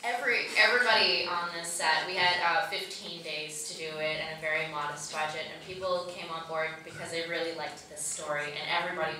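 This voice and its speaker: A woman director answering audience questions at a film Q&A, telling stories in a lively, profane way. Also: low-pitched, fairly quick, hardly any pauses, a little hiss or hum. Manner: profane, animated storytelling. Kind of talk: Q&A panel answers. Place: large cinema theater. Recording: echoey theater from far off.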